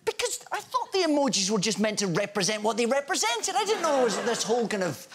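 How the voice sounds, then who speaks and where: A man's voice: very high-pitched, sing-song, fast talker, crowd noise. A Scottish man telling a rambling, incredulous anecdote as a guest on a TV chat show.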